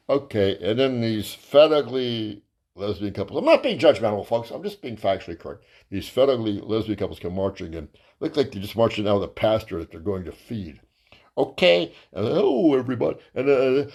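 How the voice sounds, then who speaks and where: A man's voice: brisk, creaky. A man telling a rambling, profane stand-up story as host of his own comedy show. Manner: crude, profane, rambling with fillers; lively, jumps to high voices for quotes.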